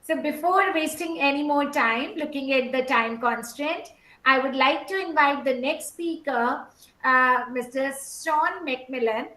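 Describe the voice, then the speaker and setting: A woman's voice: sits high, a little slow, sharp tone, reverberant, low-quality recording. A woman moderating a webinar over a video call, introducing speakers in an effusive manner with hesitant fillers.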